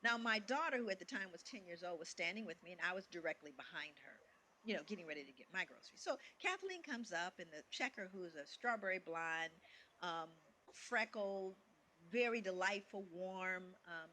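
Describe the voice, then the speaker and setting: A middle-aged woman tells a personal story with a lively, swooping voice and a bright, clear tone. She acts out the people in it and laughs between lines. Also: on the low side, moderate pace, slight background noise. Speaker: guest speaker sharing a personal story. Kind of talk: storytelling talk.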